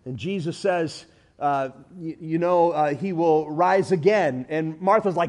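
At a normal pace and with a somewhat high voice, a man gives a forceful sermon that moves from loud declarations to quiet lines, peppered with humor and everyday anecdotes.

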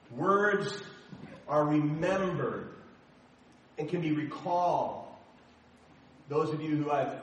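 A man preaching a sermon, dramatically reading scripture and then talking in a chatty, animated way. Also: a little high, slight background noise. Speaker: pastor. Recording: echoey hall, distant mic.

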